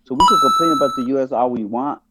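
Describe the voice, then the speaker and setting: A man's voice: mid-range voice, rapid-fire, loud music behind the voice. A man on a podcast as a guest, arguing his views in casual, emphatic talk that returns again and again to rhetorical questions. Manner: emphatic, keeps asking "guess what". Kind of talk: casual opinionated discussion.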